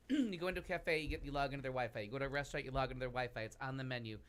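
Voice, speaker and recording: A mid-range male voice with a fairly bright tone races along in casual chat. The speaker, a podcast cast member on a talk show, spins out a long, rambling travel story packed with asides.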